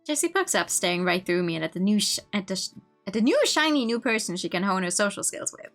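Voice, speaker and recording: A woman streamer reading a visual novel aloud, with expressive narration and laughing asides. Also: medium pitch, fast, soft background music.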